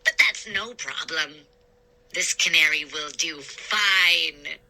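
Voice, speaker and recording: A woman voicing a gruff, menacing male pirate captain who talks in low growls. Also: slow, sharp tone, full character voice, poor audio. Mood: gloating.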